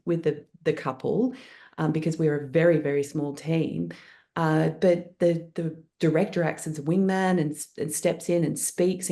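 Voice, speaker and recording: Low, mellow-voiced woman producer. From Australia. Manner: thoughtful, with many fillers and restarts. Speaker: guest producer. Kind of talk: panel interview.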